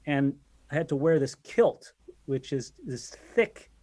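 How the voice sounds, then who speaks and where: A man, the guest drummer, telling casual stories in a podcast interview, talking in halting bursts with many restarts and fillers. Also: fairly high pitch, animated, warm tone.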